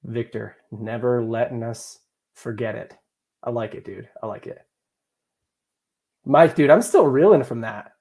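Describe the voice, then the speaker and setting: A man's voice: mid-range voice, unhurried, pauses often, warm tone. A young man hosting a live draft stream, chatting casually and joking with viewers and co-hosts. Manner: jokey, chatty, talks to chat and co-hosts. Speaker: livestream host. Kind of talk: casual live chat reading viewer comments.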